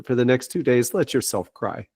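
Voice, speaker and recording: A man giving spiritual guidance over a video call, reassuring and halting, with frequent restarts. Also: mid-range voice, expressive, a little mellow, husky, no echo, studio quality. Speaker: spiritual guide giving readings.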